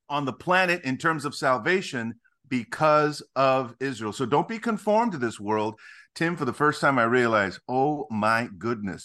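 In a mid-range voice, a middle-aged ministry founder guesting on a podcast interview launches into emphatic, lively storytelling with a preacherly flair.

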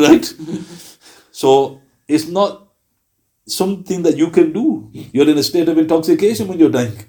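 A man teaches a religious class, breaking into little acted scenes and laughing at his own stories. His voice sits a little high but sounds dark and mellow. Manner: lively storytelling with acted quotes and laughs. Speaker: Islamic teacher. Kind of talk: religious lesson.

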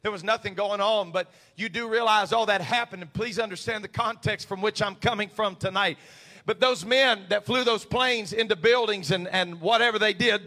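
A male pastor preaching a sermon, swinging from quiet confiding talk to shouted, impassioned preaching. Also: high voice, moderate pace.

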